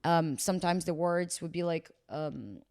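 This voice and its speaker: A young woman in her twenties from Brazil with a Brazilian Portuguese accent, a podcast guest telling stories in a lively way full of "like". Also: lowish voice, unhurried, dry recording, studio quality. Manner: animated storytelling, heavy use of "like". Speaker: guest, model. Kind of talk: casual podcast chat.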